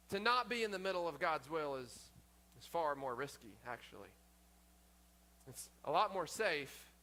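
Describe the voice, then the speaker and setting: Bright-voiced man preaching earnestly. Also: fairly high pitch. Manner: earnest, repeats words and restarts often. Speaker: pastor. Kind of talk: sermon.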